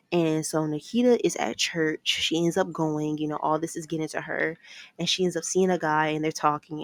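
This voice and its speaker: A woman casually recapping a movie plot, rambling from scene to scene with lots of "like" and "ends up". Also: deep voice. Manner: rambling, strings events with "like" and "ends up".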